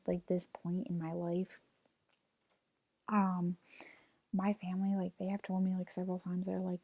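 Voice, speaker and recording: A vlogger in her twenties tells a personal story in a mid-range, dark-toned voice, recorded dry. She rambles, leans heavily on "like," and retells what people said, all while near tears and holding back crying.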